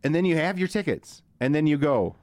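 A man's voice: fairly high pitch, fairly quick, no echo. A man co-hosting a podcast, telling loose, profane stories in casual chat, full of "like" and "man". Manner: animated, profane storytelling with frequent "like" and "man". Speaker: podcast co-host.

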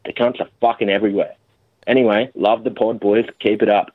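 A man's voice: lowish voice, steady tone, a little fast. A man with an Australian accent leaving a crude, boastful call-in message. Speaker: caller. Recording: tinny phone message.

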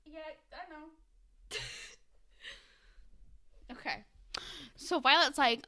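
A woman's voice: high voice, extremely slow, long pauses, sharp tone. A young woman co-hosting a podcast, chatting casually and retelling scenes with lots of giggling. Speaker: podcast co-host. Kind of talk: casual chat.

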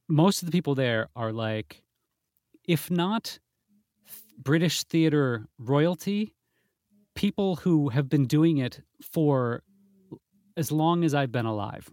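A man's voice: on the high side, takes it slowly, long pauses, darkish tone, no room sound. Chatty self-deprecating man, dry sound. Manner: chatty, self-deprecating, many restarts and asides. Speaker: podcast co-host. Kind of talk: casual chat.

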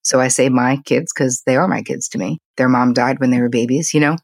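An older woman with a husky, slightly breathy voice talks candidly, like a therapist sharing stories from her own family. She speaks in quick, animated bursts. The sound is dry and close, with no room around it. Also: a bass voice, dry recording. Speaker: psychotherapist, podcast guest. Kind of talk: conversational interview storytelling.

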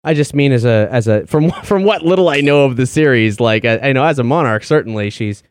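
A man's voice: medium pitch, expressive, brisk, clean tone. A man making dry, hesitant jokes in a casual chat.

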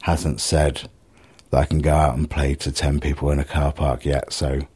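A middle-aged man with a very deep, husky voice. He rambles through a casual video diary in a self-mocking, sweary way, and his tone is dark and mellow. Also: flat delivery, moderate pace. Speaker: vlogger.

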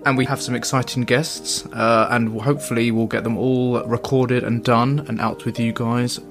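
A man's voice: mid-range voice, little pitch movement, moderate pace, over music. A man co-hosting a podcast, easygoing with hesitant fillers. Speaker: podcast co-host. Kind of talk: casual chat.

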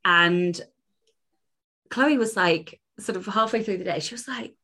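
A woman co-hosting a podcast in casual chat, animated, swearing freely and trailing off into fillers. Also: mid-range voice, unhurried. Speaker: podcast co-host.

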